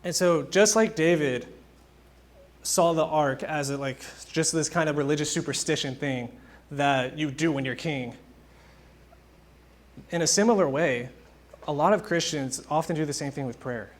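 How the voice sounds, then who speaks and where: A man's voice: fairly high pitch, normal speed, long pauses. A young man preaching a casual, conversational sermon, telling stories and acting out quotes informally. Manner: informal, animated storytelling with acted-out quotes.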